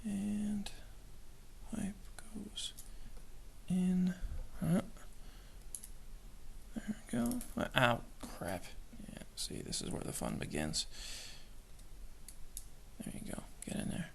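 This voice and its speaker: Man in his own hobby video, slow gravelly delivery, talks himself through each fiddly step. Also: high voice, wildly swooping pitch, a little hiss or hum. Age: adult with children. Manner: mutters and whispers to himself while working; self-mocking, jokey asides. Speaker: model kit builder. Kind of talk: hobby build video narration.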